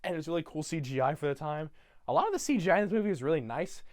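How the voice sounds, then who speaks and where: A man rambling excitedly through a film recap from memory, swearing casually as he goes. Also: on the high side, very fast, a little hiss or hum. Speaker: channel host.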